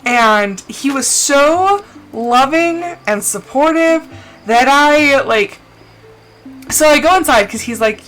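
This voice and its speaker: Young woman, streamer, tearful, crying, casual storytelling, highish bright voice. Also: expressive, slow, faint music behind, low-quality recording. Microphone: desk mic, no camera.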